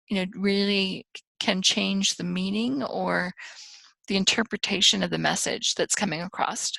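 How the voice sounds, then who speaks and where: A woman giving a conversational communication lecture, talking on the fast side of normal, with fillers and small restarts. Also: mid-range voice, gravelly, a bit bright, no echo, low-quality recording. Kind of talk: recorded classroom lecture.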